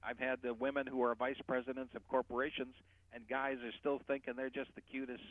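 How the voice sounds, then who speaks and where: A man's voice: mid-range voice, flat delivery, a little fast, no echo. A male voice coach on a radio talk show, explaining and demonstrating how people speak. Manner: explanatory, demonstrates speech patterns. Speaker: voice coach guest. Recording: tinny phone line.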